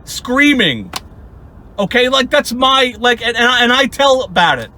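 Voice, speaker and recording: A young man with a high, bright voice rants as a channel host, mocking his target with sarcasm and plenty of swearing. He laughs often as he talks. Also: sing-song, a little slow, slight background noise. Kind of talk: angry ranting commentary.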